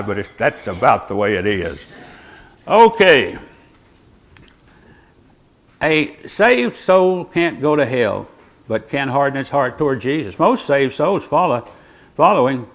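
An old man, his fairly high voice swooping up and down with lively emphasis. He talks in a folksy way, mixing scripture with joking asides to his congregation. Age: 80s. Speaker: pastor. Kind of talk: sermon. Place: church, seated before the congregation.

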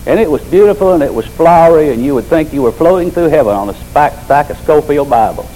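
Older preacher man, folksy and mellow. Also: on the high side, animated, fast, a little hiss or hum, rough recording. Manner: folksy storytelling, emphatic repetition. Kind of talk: sermon.

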